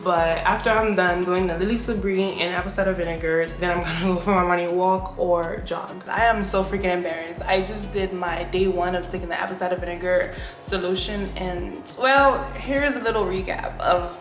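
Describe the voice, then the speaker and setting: A woman's voice: fairly low pitch, fairly even intonation, normal speed, reverberant, over music. A young woman talking casually to her viewers while she cooks and cleans in her apartment, calling them "y'all". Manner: chatty, addresses viewers as y'all. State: out of breath. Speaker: vlogger. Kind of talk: casual vlog talk to camera. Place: small apartment kitchen.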